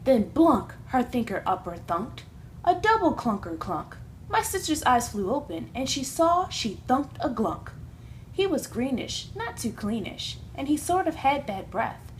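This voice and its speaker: A woman's voice: sits high, big pitch swings, measured pace, a little hiss or hum. A young woman reading a rhyming children's book aloud in a sing-song way. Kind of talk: storybook read-aloud.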